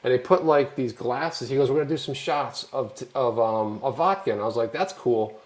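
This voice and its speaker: An American man hosting a live online show, telling rambling, animated travel anecdotes in casual chat. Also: medium pitch, fairly quick. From United States. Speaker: show host.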